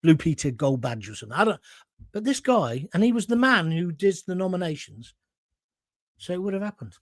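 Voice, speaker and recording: A middle-aged man tells a long, rambling anecdote, cursing freely and wandering off into asides. His voice sits high and swings widely in pitch. The sound is close and dry. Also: big pitch swings, brisk, dry recording. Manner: swearing, rambling with restarts and asides. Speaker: host. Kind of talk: casual storytelling monologue.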